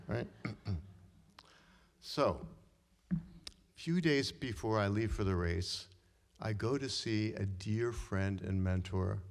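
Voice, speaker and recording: A middle-aged man telling a personal story live on stage, talking conversationally and often tagging his sentences with "right?" and clearing his throat. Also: on the low side. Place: stage in a hall before an audience. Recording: long reverb of a hall.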